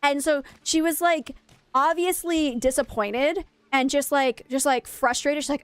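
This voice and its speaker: A young woman chats while she plays, spinning a long, self-mocking story with plenty of asides. Her voice sits high and sounds dry and close. Soft music plays underneath. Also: normal speed, no echo. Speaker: streamer. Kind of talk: casual chat while gaming.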